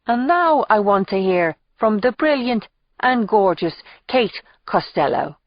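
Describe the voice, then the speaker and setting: A woman reading the part of a boisterous, slightly drunk middle-aged man, in a loud, blustering manner, for an audiobook. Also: medium pitch, animated, measured pace, dry recording, lo-fi sound, voice pushed up.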